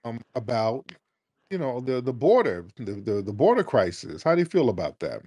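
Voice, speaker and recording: Calm, lively-voiced male radio host. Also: mid-range voice, moderate pace, no room sound. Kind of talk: call-in show hosting.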